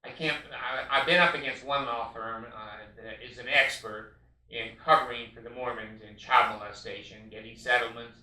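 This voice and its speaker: An older man delivers a heated monologue with a sharp, tense edge to his voice, hammering points through repetition. He sits back from the mic, and his voice rings around a roomy, echoey space. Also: medium pitch, fairly even intonation, normal speed, distant mic. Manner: emphatic, repetitive, frequent uh fillers. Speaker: podcast host. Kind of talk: impassioned monologue.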